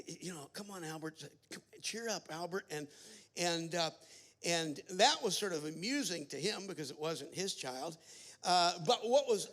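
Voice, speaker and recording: A man's voice: on the high side, fairly bright tone. A man giving a sermon at a family camp, telling a story with many fillers and restarts. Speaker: camp speaker.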